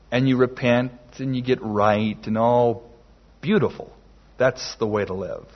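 A man preaching a sermon slowly and emphatically, with dramatic pauses. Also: medium pitch. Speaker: pastor. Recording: dull lo-fi sermon recording.

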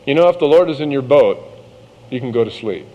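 A man's voice: medium pitch, lively intonation, dull audio. Preacher man reading scripture in a hall. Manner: slow, measured scripture reading with casual asides. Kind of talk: sermon.

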